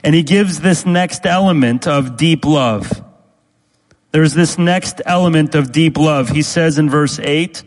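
A man preaching a sermon as pastor, speaking deliberately and repeating key phrases for emphasis. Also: on the high side, in a large hall, low-quality recording.

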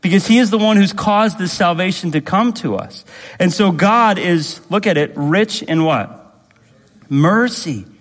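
Male pastor, higher-pitched, insistent sermon delivery, repeats his points, recorded in a reverberant sanctuary. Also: lively intonation, measured pace. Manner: emphatic, repetitive preaching with rhetorical questions. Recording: long reverb in a hall.

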